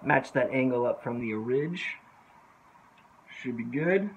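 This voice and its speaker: Under a sailboat outdoors, a vlogger narrates his repair work on a handheld phone, joking around and talking to himself. He speaks slowly and animatedly in a medium-pitched voice, with dull audio and a little hiss or hum.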